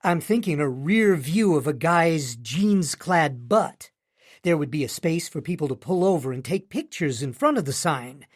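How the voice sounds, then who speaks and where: A man's voice: on the high side, expressive, moderate pace. A man putting on a bubbly small-town young woman. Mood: excited.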